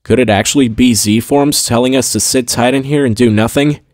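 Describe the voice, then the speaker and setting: A man's voice: mid-range voice, normal speed, darkish tone, no echo, studio quality, close to an everyday voice. A man voicing a blunt, impatient male admiral in an audiobook, curt and brooding. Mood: terse. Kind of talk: audiobook character voice.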